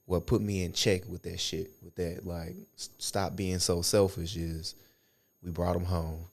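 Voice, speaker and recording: A young man co-hosting a podcast in casual chat, telling profane, animated stories from his own life. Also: low-pitched, unhurried, creaky. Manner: animated, profane storytelling with acted quotes. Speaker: podcast co-host.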